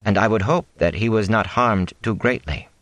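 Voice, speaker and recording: A man reading aloud, voicing a gentle, patient traveling elder who speaks formally in a storybook. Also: on the low side, moderate pace, no echo.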